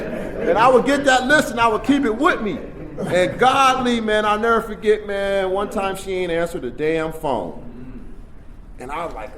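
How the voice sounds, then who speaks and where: A man telling his recovery story at a workshop, in streetwise storytelling that swings from hushed to loud. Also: on the high side, animated, unhurried, a crowd in the background. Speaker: recovery meeting speaker. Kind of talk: personal recovery share at a workshop. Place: convention workshop room.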